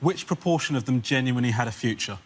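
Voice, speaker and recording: A comedian panellist making wry, playful jokes in front of a live studio audience. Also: male voice, mid-range voice, lively intonation, quick pace. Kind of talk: quick-witted panel banter. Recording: studio audience and noisy audio.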